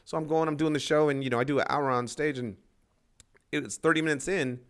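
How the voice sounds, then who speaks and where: A man's voice: quick pace, clear, resonant tone. A male comedian telling a story in casual podcast chat, acting out the people in it and swearing freely. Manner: animated, acts out quotes with rising pitch and swearing.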